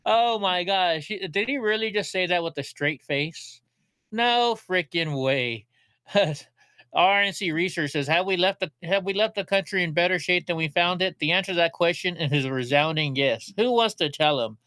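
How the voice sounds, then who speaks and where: A man's voice: high-pitched, moderate pace, bright, forceful tone, clear, resonant tone, dry recording. A man hosting a casual political news livestream, talking sarcastically, laughing at clips and chatting with viewers. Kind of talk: casual commentary.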